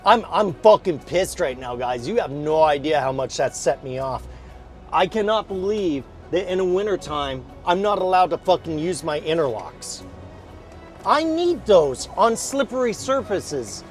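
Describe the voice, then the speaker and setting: A man with a high, lively voice narrates his gameplay live, cursing freely as things go wrong. His talk swoops up into sharp outbursts and back down. Game music plays clearly behind him. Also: a little slow. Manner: swears often, exasperated outbursts. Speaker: streamer.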